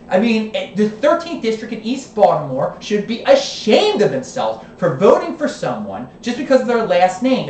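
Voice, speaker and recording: A woman's voice: fairly low pitch, sing-song, moderate pace, darkish tone, distant mic, a little hiss or hum. A woman political vlogger giving a heated, scolding rant, often tagging her points with "okay?". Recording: roomy echo, voice away from the mic.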